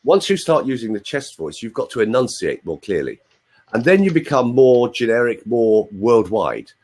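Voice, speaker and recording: A man's voice: medium pitch, big pitch swings, normal speed, a little mellow. A male voice coach explaining techniques on an online call, with joking asides. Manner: explanatory, demonstrates sounds, jokey asides. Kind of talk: teaching on a group call.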